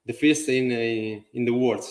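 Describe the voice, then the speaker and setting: A man from Rome with an Italian accent, hosting a live chat in halting English and laughing often. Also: mid-range voice, steady tone, a little mellow. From Italy, Rome. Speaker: live stream host. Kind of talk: casual chat.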